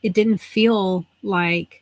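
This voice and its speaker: A woman's voice: mid-range voice, fairly even intonation, drawn-out words. A woman co-hosting a craft livestream, chatting casually and laughing often. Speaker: livestream co-host. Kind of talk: casual chat while crafting.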